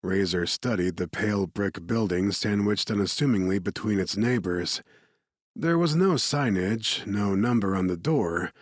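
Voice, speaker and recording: A man reading an audiobook in steady, measured narration. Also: on the low side, dry recording.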